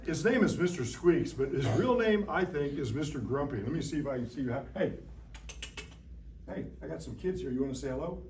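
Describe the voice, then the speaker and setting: A man teaching a lively science lesson to young children in a classroom, playful and full of call-and-response. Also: on the high side, a little fast, background noise. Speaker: science educator visiting a class. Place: school classroom. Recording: roomy room from a distant mic.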